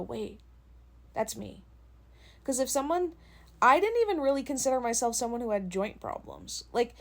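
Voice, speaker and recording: A young woman and content creator venting in a casual vlog, telling stories with lots of swearing and laughter into a phone. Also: a little high. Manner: profane, animated storytelling with laughs.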